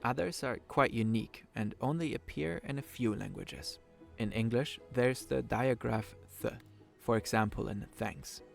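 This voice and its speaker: A man from Germany with a German accent, narrating a scripted explainer in a clear, measured way. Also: mid-range voice, faint music behind.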